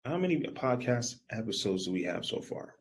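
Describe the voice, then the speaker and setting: A man giving a live coaching workshop, energetic and animated, talking straight to his audience. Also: on the low side, moderate pace, slight background noise. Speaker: business coach.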